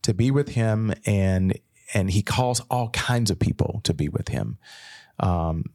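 A man, a pastor co-hosting a Bible podcast, talking in a thoughtful, halting way with frequent restarts. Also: fairly low pitch, animated, mellow. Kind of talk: casual Bible discussion.

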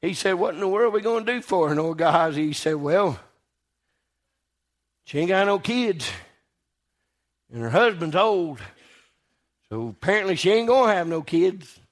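High-voiced preacher, impassioned. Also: male voice, expressive, normal speed, pauses often. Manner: impassioned, swings from loud exclamation to quiet asides. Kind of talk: sermon.

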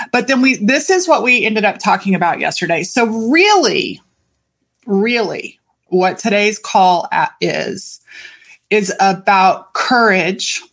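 A woman hosting a podcast as a life coach, talking in an animated, chatty and playful way and swearing casually. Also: medium pitch, slow pace. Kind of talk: solo podcast monologue.

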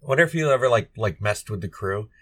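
Rambling, low-voiced male podcast host. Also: animated, fast talker. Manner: rambling, laughing, with many fillers. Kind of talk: casual chat.

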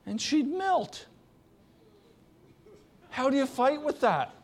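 A middle-aged man preaching a sermon as pastor, earnest, often dropping to a soft, low voice. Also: sing-song, slow.

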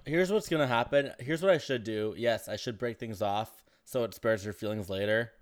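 A man's voice: fairly low pitch, moderate pace. A man in casual chat about his dating life, hesitant at times and swearing freely.

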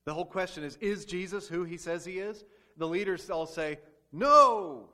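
A man's voice: sits high, fairly even intonation, fairly quick. A man preaching a sermon as pastor, asking the congregation rhetorical questions and acting out quoted speech.

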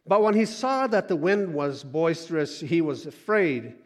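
A man preaching a sermon, moving between loud urging and soft, hushed asides. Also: fairly high pitch, lively intonation, measured pace. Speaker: pastor. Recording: long hall reverb.

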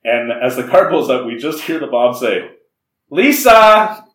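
A man's voice: medium pitch, moderate pace. A man co-hosting a podcast, recapping a movie in casual chat, laughing often and acting out the characters' lines. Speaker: podcast co-host. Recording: echoey room, voice a bit far from mic.

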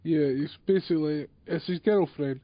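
A man's voice: a little high, moderate pace, dry recording, muffled recording. A young Scottish man co-hosting a casual film chat, blunt and sweary. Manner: blunt, sweary, laughs easily. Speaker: podcast co-host.

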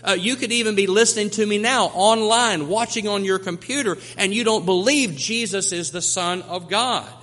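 Bright-voiced preacher in a reverberant hall. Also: male voice, high-pitched, moderate pace, few pauses. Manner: preaching with emphatic repetition. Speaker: pastor. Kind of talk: sermon.

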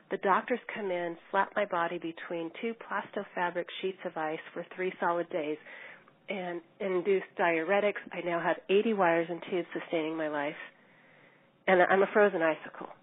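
Husky middle-aged woman on a tinny line. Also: on the low side, steady tone. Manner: earnest, measured telling with small restarts. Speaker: coma survivor telling her story. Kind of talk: personal storytelling.

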